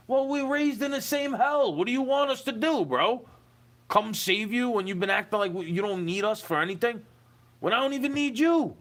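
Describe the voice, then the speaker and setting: A man's voice: sits high, fairly bright tone. A man in a recorded monologue, ranting with profanity and firing off rhetorical questions.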